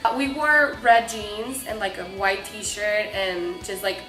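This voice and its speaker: A young woman tells a vlog story in a bright, forceful voice, gushing and stuffing her sentences with fillers. Her voice rings around an echoey room, and faint music plays underneath. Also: mid-range voice, takes it slowly. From Mexico. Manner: excitable, gushing, many fillers. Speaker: vlogger. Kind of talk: casual storytelling.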